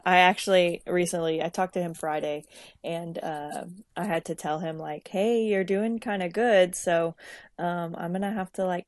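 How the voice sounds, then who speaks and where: A young woman with a fairly low voice shares a story from her job on a casual podcast. She talks loosely, full of fillers and restarts. The sound is dry and close. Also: no room sound. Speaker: podcast co-host, social worker.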